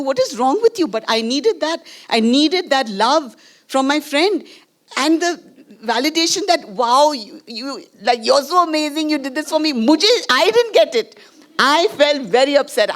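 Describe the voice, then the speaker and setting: Candid middle-aged Indian woman filmmaker. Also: a little high. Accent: Indian English. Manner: candid, emotional storytelling with quick asides and Hindi phrases. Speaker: filmmaker guest at a screening. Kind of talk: post-screening conversation with an audience. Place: screening venue before a live audience.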